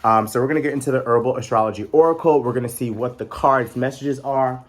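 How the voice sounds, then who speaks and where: A man's voice: mid-range voice, steady tone, fast talker. A young man with a chatty, rambling manner and playful sassy asides, talking casually as a vlog host. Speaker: tarot deck reviewer.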